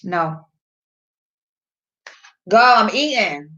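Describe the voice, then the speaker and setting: A woman hosting a casual livestream, reading the chat aloud and talking back at it and at her dog with loud laughs. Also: medium pitch, expressive, extremely slow. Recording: dull lo-fi sound.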